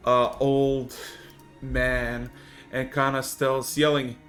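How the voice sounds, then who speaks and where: Slow, hesitant game master man. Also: medium pitch, little pitch movement, fairly bright tone, faint music behind. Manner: hesitant, many fillers. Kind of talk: narrating a tabletop game.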